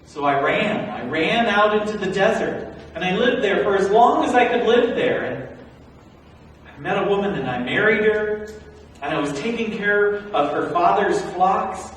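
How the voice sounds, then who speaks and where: A male pastor preaching a sermon as a first-person Bible story, animated and swinging from hushed to loud. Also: high-pitched, moderate pace, slight background noise. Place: large church sanctuary. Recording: echoey hall, recorded from far off.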